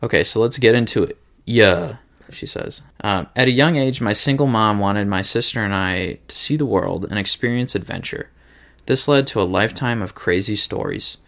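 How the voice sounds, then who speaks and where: A Midwestern American man with a low, gravelly voice co-hosts a casual podcast. He reads a listener's story aloud and keeps breaking off to joke around and swear. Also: normal speed, a bit bright. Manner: joking, swears freely.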